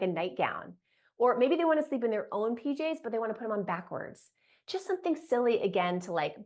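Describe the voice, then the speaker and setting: A woman and mother coaching parents on toddler sleep, talking casually to camera with lots of "like" fillers. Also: medium pitch. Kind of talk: direct-to-camera parenting tips.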